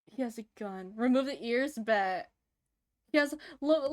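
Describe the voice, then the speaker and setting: A woman's voice: fairly high pitch, measured pace. A woman in her thirties chatting casually to her stream while drawing, giggling and gushing over cute things. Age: 30s. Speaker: livestreamer.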